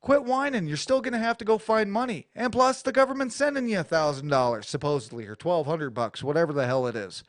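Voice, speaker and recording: A crude, rambling American man hosts his own radio show, talking in a rather high voice. His delivery is blunt and profane. The studio mic gives a dry, close sound. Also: lively intonation, fast talker, hardly any pauses, no room sound. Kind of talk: profane talk-radio rant. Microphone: studio mic with adjustable EQ.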